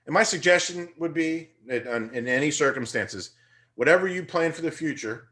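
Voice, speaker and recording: Young male teacher, slightly high-pitched, energetic, conversational motivational lecture. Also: normal speed. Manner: energetic, conversational, rising to emphatic bursts.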